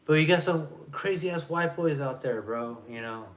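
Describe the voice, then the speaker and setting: A man's voice: fairly high pitch, normal speed. A man in his forties ranting casually on a vlog, rambling and profane, in loose street slang. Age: 40s. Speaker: vlogger. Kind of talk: casual rant.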